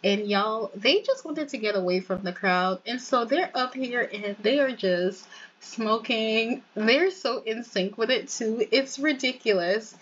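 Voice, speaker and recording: A woman's voice: fairly high pitch, slightly rough, dull audio. A young woman host narrating her gameplay in a chatty, slangy way with amused asides to viewers. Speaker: gaming channel host.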